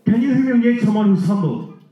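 A man preaching a sermon, telling a story in an animated way with many restarts and repeated words. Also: sits high, fast. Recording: echoey hall, voice from far off.

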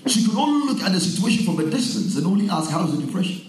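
High-voiced pastor preaching in an echoey hall. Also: male voice, very animated, rapid-fire, a little hiss or hum. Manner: personal storytelling, building to forceful preaching. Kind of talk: sermon. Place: church hall.

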